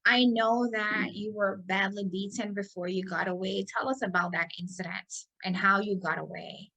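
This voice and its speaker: A woman hosting an interview, asking calm, gentle questions. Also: mid-range voice, normal speed. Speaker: interview host.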